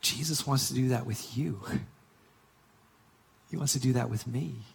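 A man preaching a sermon, telling and reading a story in an earnest manner that swings from emphatic to hushed. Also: medium pitch, measured pace, vocal fry, husky, in a large hall. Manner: earnest, builds to emphatic reading then drops to hushed whisper.

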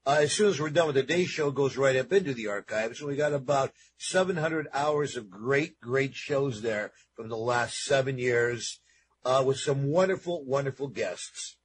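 A man's voice: mid-range voice, normal speed, a little hiss or hum, low-quality recording. A man hosting a talk radio show, chatting in an upbeat way and repeating promo details, speaking into a studio microphone.

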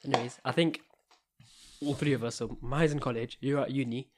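Quick, relaxed young man. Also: mid-range voice. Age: young adult. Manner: relaxed, steers the conversation. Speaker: podcast co-host. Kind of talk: casual chat.

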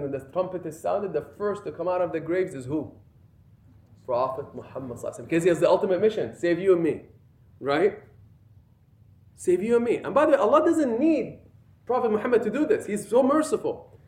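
An imam with a fairly high, slightly mellow voice gives a conversational yet emphatic sermon, addressing the audience directly. The recording has an echoey room sound.

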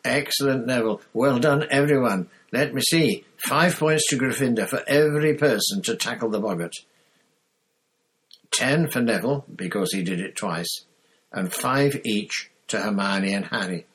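A man voicing a male teacher who urges on and praises his class in a brisk, commanding way. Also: low voice, fairly bright tone, husky, full character voice. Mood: praising.

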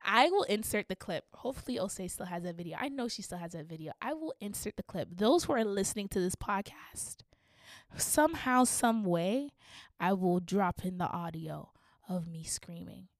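Animated young woman telling a story. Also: mid-range voice, moderate pace, dry recording, studio quality. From Canada. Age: young adult. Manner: animated, swings from hushed to shrieking; laughs through her own story. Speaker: podcast host. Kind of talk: casual storytelling.

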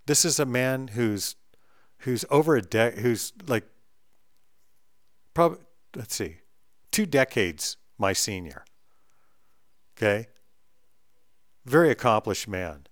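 A middle-aged man ranting bluntly and with profanity, swinging between loud outbursts and low mutters. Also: expressive, takes it slowly, long pauses, no echo, clean studio sound. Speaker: vlogger ranting on camera. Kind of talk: heated monologue rant.

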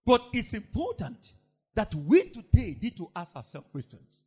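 A man preaching a sermon as pastor, swinging from loud emphatic lines to low mocking asides. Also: huge pitch swings, normal speed, slightly rough.

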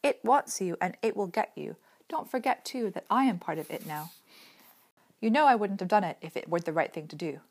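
A woman reading a story aloud, voicing a possessed little boy who speaks in a flat, emotionless, mocking way. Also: mid-range voice, fairly quick. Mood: cold flat.

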